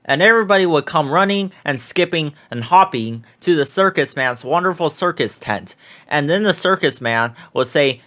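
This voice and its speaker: A man reading a children's picture book aloud with expressive, drawn-out emphasis. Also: fairly high pitch.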